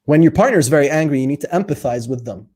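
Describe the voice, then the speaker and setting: A young man hosting a casual live talk about relationships, animated and playful, acting out the people he quotes. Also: on the high side, racing, slightly rough.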